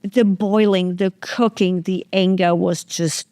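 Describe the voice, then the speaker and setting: A woman hosting a candid podcast chat, frank and animated, cursing freely as she acts out her own reactions. Her voice sits in a middle register and is recorded dry, with no room sound around it. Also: medium pitch, slow, no room sound. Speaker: podcast host. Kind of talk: candid conversational interview.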